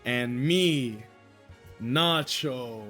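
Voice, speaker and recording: Male streamer, excitable and jokey, mid-pitched voice, faint game music behind. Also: extremely slow. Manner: joking, excitable, laughs often, swears, talks to chat. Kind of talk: live gameplay commentary.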